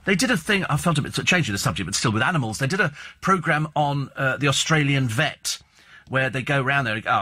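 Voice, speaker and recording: Hosting a talk radio show from the studio, a man riffs on celebrity gossip and the news in casual, rambling, sardonic fashion. His medium-pitched voice is expressive, brisk, pushed and bright, heard through a studio microphone.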